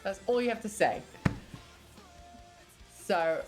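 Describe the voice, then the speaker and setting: A woman from England with an English accent, chatting casually with her stream chat in quick asides. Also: mid-range voice, lively intonation, a little mellow, faint music behind.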